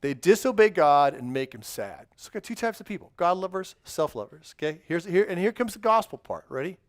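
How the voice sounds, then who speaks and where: A man's voice: high-pitched, lively intonation, a little fast, no echo, clean studio sound. Upbeat man teaching a children's sermon. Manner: upbeat, encouraging, quizzes kids and praises answers. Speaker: children's pastor. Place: church sanctuary.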